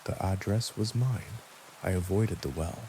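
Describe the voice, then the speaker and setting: A man calmly narrating a first-person horror story in a measured, quiet way. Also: deep voice, slight background noise, rough recording. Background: steady rain.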